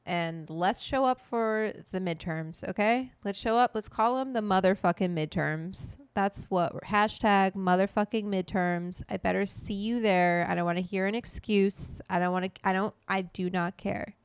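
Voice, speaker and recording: Middle-aged woman host, smooth and dry up close; blunt, profane, fired-up livestream chat. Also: mid-range voice, normal speed, hardly any pauses, dry recording. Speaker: cooking show host.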